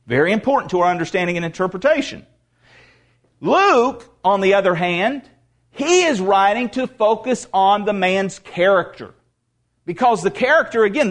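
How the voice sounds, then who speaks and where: A male pastor preaching a sermon in an emphatic way, repeating words for stress. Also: high-pitched.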